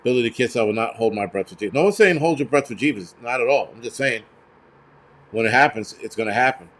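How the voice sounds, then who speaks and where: A man's voice: medium pitch, quick pace, fairly bright tone. A man hosting a live stream, ranting bluntly and profanely with many fillers while answering viewers in the chat. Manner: reads out viewer donations and chat. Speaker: livestream host.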